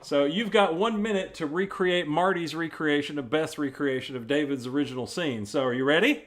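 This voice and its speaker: A man with a bright, forceful voice runs a live improv game. He calls time briskly and laughs along with the players. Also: fairly high pitch. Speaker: improv show host.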